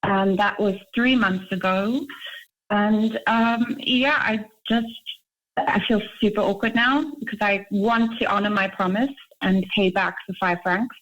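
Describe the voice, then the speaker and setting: A woman's voice: mid-range voice, fairly even intonation, unhurried, a bit bright. Chatty young woman on a dull call line. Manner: chatty, with many "like" fillers. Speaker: caller. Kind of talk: casual call-in chat.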